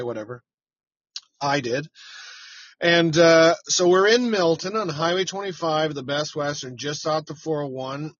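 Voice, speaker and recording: A middle-aged man, a chicken farmer, rambles through a casual live stream from his parked truck, cursing freely and calling out viewers by name. His voice sits at an ordinary pitch, and the audio is dry and a little dull, as if caught inside the cab. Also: fairly bright tone, dry recording.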